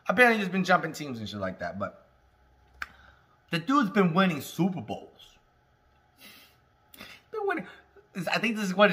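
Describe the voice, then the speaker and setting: A stoned man riffs loosely on a casual talk, his slightly high voice swinging widely in pitch. His tone is bright and forceful, profane and jokey, broken up by laughs and smoker's coughs. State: high on cannabis. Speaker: cannabis review host.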